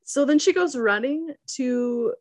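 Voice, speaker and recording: A woman's voice: high voice, a little slow, no room sound. A woman casually recapping a TV episode as a podcast co-host, acting out characters' lines and laughing often. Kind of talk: casual chat.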